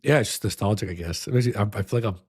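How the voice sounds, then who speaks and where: A man's voice: lowish voice, rapid-fire, darkish tone, husky. A young adult man streaming, reacting with emotion, choked up and nostalgic, humming a melody now and then.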